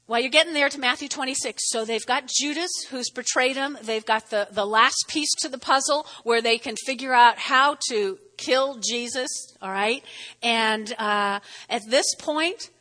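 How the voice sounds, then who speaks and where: Animated woman preaching in an echoey hall. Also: high-pitched. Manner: animated, chatty, acts out quotes. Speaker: Bible teacher. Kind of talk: lively sermon.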